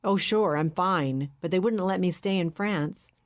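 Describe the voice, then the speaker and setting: A woman voicing a weary, dejected man in his forties who answers flatly. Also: fairly low pitch, measured pace, natural voice. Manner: flat, dejected.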